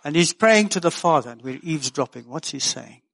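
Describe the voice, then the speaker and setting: Older man, pastor, sermon, folksy, earnest, wry asides, slightly high voice. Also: animated, a little fast, gravelly, a bit bright.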